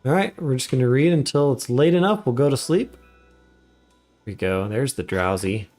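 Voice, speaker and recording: Relaxed man streaming a game. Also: medium pitch, moderate pace, soft background music. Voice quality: relaxed, chatty, laughs often. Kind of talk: live gameplay commentary.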